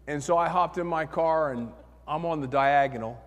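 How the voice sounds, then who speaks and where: A male pastor tells a story from the pulpit, his voice sitting somewhat high, and he acts out his own inner voices as he goes. The sound carries a long reverb, as in a church hall. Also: moderate pace. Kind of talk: sermon with storytelling.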